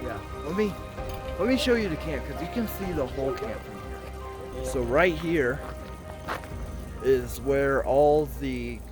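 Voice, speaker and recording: A man's voice: mid-range voice, unhurried, pauses often, music in the background. A man talking casually to his camera on a hike, goofy and joking, climbing a rocky outdoor trail as he talks. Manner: goofy, joking, excitable asides; walking and climbing while talking. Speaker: vlogger and root beer reviewer. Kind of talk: casual hiking vlog. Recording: outdoor phone video with wind noise.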